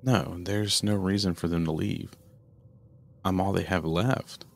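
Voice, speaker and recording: A man voicing a calm, businesslike male police officer in a horror audio drama, matter-of-fact and reassuring. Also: sits low, measured pace, vocal fry.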